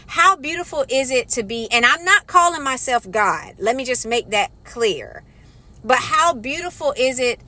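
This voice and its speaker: A young woman talks straight to her viewers in a relaxed, storytelling vlog. Her voice is bright and a little high, and it leaps around a lot. She throws in playful asides and slips into little voices now and then. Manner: chatty, animated, with playful asides and voice shifts. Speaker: vlogger. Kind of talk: casual faith vlog storytelling.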